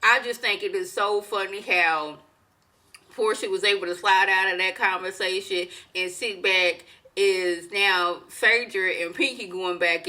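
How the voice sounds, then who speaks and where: A woman YouTuber with a fairly low voice gives a casual, animated recap of a reality show, peppering her talk with dramatic exclamations.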